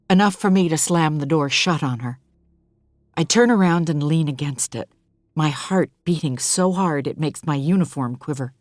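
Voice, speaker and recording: Slow, expressive woman narrating. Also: deep voice, no room sound, clean studio sound. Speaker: audiobook narrator. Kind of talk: first-person audiobook narration.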